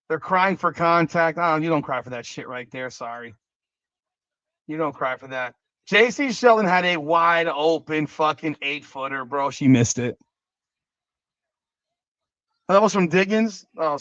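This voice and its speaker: Excitable high-voiced man reacting live. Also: dry recording, lo-fi sound. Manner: excitable, exclaims and curses at plays; repeats rhetorical questions to chat. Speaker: livestream host. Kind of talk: live game reaction commentary.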